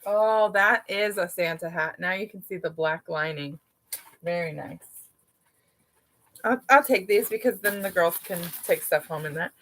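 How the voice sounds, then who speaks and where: A woman's voice: on the low side, a little slow, a bit bright, rough recording. A woman vlogging live from her dining room, chatting and thinking aloud as she sorts craft supplies. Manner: chatty, rambling, thinks aloud while sorting. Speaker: mom vlogger hosting a livestream. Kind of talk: casual live decluttering chat.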